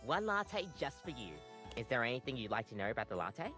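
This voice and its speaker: A woman's voice: rumbling low, big pitch swings, a little fast. A woman voicing an awkward, chirpy female coffee maker in a video game, with nervous, upbeat customer-service patter. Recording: game audio with music behind.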